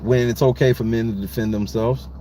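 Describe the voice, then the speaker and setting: A man hosting a podcast, talking bluntly and profanely in casual commentary and slowing down to stress his points. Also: mid-range voice, steady tone, warm tone, slight background noise. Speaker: podcast host.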